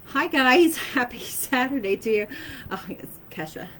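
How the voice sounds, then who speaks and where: A woman's voice: high-pitched, expressive, measured pace, slight background noise, low-quality recording. A woman speaking casually to her viewers as an intuitive reader, hesitant, with many fillers and checks of "okay?". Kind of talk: casual spoken message to camera.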